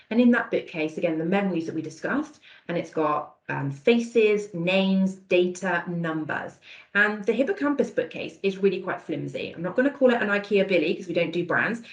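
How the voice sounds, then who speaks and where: A woman leads an online awareness session over a video call, encouraging and conversational as she praises answers from the chat. Her voice sits a little low. The sound is roomy and echoey. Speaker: dementia awareness session presenter. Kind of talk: online training talk.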